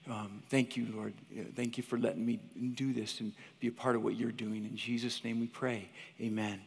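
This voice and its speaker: A man in his fifties, a teacher giving a chapel talk, who tells stories in an animated, chatty way and keeps calling the listeners "you guys". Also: medium pitch, normal speed, creaky, slightly rough. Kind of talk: storytelling sermon. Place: large hall with an audience. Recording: long hall reverb.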